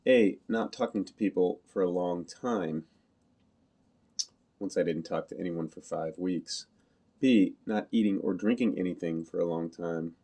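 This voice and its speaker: Male reader, deep and dark, flat and measured first-person reading. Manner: flat, literal, measured delivery. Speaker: audiobook reader.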